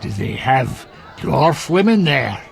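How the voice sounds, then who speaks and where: A man's voice: medium pitch, very animated, slow pace, a faint crowd, full character voice. A man voicing a blunt, coarse male dwarf drinking companion in a video game. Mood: tipsy. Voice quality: gravelly.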